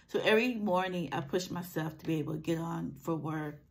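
A woman's voice: lowish voice, fairly quick, gravelly. A woman coach talking in an earnest, encouraging vlog, her throat scratchy from a cold. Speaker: life coach. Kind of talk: motivational vlog talk.

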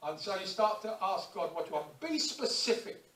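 A man preaching a lively sermon in a church, acting out little everyday scenes and prayers as he goes. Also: high voice, normal speed. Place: church hall. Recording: echoey church hall, distant mic.

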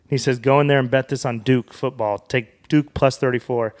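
A young man from Wyoming tells a long story in a relaxed, rambling way, the way a comedian talks when he is a podcast guest. His voice sits at an ordinary middle pitch. He keeps stopping to quote the people in his story. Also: fairly quick. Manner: rambling anecdotal telling with quoted dialogue. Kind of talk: casual storytelling in a podcast interview.

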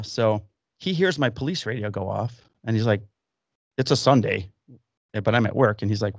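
A man's voice: lowish voice, moderate pace, gravelly, pauses often, no echo, highs cut off. A man in his fifties hosting a podcast, chatting casually and telling rambling anecdotes full of acted-out quotes from other people. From Illinois. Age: 50s. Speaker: podcast host. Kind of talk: casual storytelling chat. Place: home workshop basement.

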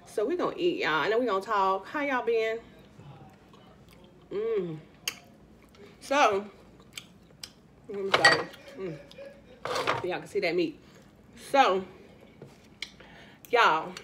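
There's a little hiss or hum under her fairly bright, high-leaning voice. She's a chatty Louisiana woman running an eating show, talking casually, eating between lines, and calling viewers y'all.

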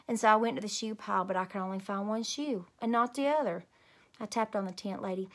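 A woman teacher reading a children's chapter book aloud in a gentle, animated bedtime manner. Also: medium pitch, fast talker. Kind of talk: children's storybook read-aloud.

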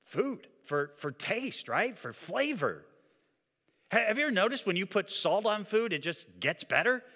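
A man preaching a sermon as pastor, with an animated delivery that swings between loud emphasis and quiet, drawn-out points. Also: sits high. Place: church sanctuary. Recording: long reverb of a church hall.

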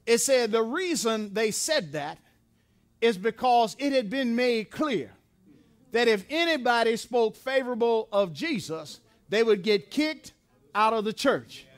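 A man's voice: very high voice, expressive, measured pace. A man preaching a sermon in a church, emphatic and repetitive, asking questions and answering them himself. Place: church sanctuary.

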